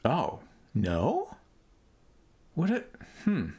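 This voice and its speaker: A man's voice: a little high, wildly swooping pitch, extremely slow, a little mellow, breathy edge. A man streaming a retro computer game, thinking aloud in a hesitant, musing way as he plays. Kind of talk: casual let's-play commentary.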